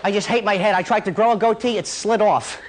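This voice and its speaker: A man in his twenties doing a stand-up comedy set, hyper and rapid-fire with his jokes. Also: sits high, fairly even intonation, very noisy. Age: 20s.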